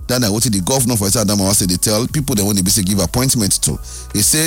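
Nigerian pidgin radio host dude, lowish voice, laid back. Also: male voice, racing, husky, faint music behind. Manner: easygoing, laughing banter with co-host. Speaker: radio talk show host. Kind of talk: radio talk show banter.

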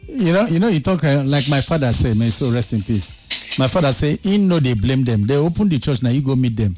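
A man's voice: medium pitch, sing-song, brisk, over music. A man with a Nigerian accent in a casual chat, speaking in a reflective way.

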